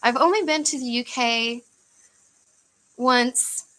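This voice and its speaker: A woman's voice: a little high, slow pace, fairly bright tone, poor audio. A young woman from the United States chatting casually on a livestream, rambling with fillers and easy laughs. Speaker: livestream host.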